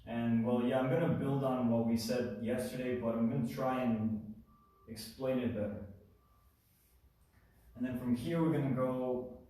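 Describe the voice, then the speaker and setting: Man teaching math, dark mellow voice, casual and self-correcting, heavy room echo from a distant mic. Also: medium pitch, steady tone, measured pace, pauses often. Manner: thinking aloud, self-correcting, informal asides. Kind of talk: casual whiteboard explanation. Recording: echoey room, mic far off.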